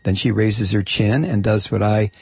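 A man with a gravelly, slightly husky voice reads a listener's letter on a talk show. He is emphatic and sarcastic and stretches out the words he wants to stress. The sound is dry and close. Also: fairly low pitch, fairly even intonation, moderate pace, a little mellow, no echo. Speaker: talk radio host reading a listener letter. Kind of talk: reading a letter aloud on air.

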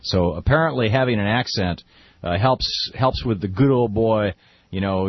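A man hosting a political call-in radio show, opinionated and quick, often restarting his sentences. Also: fairly low pitch, no echo, dull audio. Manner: opinionated, fast with frequent restarts. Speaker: radio talk show host.

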